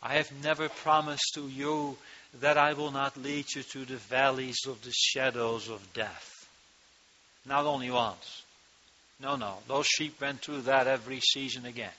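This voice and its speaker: A man preaching a sermon into a microphone to his congregation, slow and emphatic, rising to loud cries on key words, speaking with a turn of phrase. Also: medium pitch, steady tone. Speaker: pastor. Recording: dull lo-fi sound.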